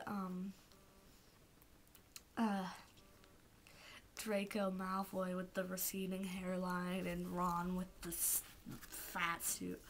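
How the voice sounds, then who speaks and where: A woman vlogger ranting casually to the camera as a fan, gushing and emotional, often dropping into soft whispers. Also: mid-range voice, a little hiss or hum.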